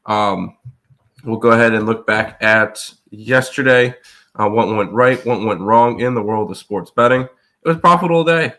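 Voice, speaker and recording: Brief: young man, congested and rough-throated, bright forceful tone, low voice, rambling live-stream host. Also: fairly even intonation, measured pace. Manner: rambling, filler-heavy recap. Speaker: sports betting show host. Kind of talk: casual live-stream chat.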